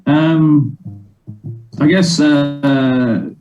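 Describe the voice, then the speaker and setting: Hesitant English comedian, mellow low voice. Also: male voice, steady tone, drawn-out words, highs cut off, soft background music. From England. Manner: hesitant, with many ums and restarts. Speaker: comedian guest. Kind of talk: casual interview chat.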